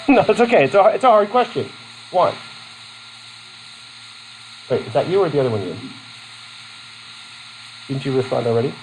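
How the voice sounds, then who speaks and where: A man's voice: on the high side, very animated, moderate pace, pauses often, slight background noise, rough recording. A man from Vermont teaching a college class, chatty and self-deprecating, with many fillers and restarts as he takes student questions. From Vermont, USA. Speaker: college instructor.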